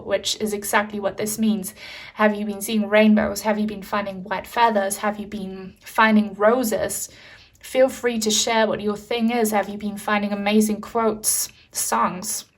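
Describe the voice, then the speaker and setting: A woman giving a pick-a-card tarot reading, talking in an emotional, reassuring way with many fillers. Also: mid-range voice. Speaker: tarot reader.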